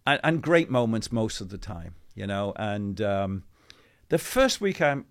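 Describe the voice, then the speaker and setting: Lower-voiced man telling lively stories. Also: unhurried. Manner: animated, chatty, many restarts and asides. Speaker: interview guest, former football club CEO. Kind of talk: conversational storytelling.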